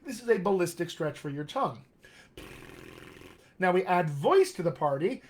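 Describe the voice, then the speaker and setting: Upbeat male dialect coach, slightly high voice. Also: big pitch swings, moderate pace, noisy background. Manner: upbeat, encouraging, reads out viewer comments. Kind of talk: live-streamed vocal exercise lesson.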